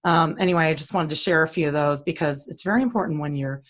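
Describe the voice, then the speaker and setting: She talks fast in a low voice. As a co-host of casual screen-share commentary, she moves through on-screen listings and gives blunt, plain-spoken opinions.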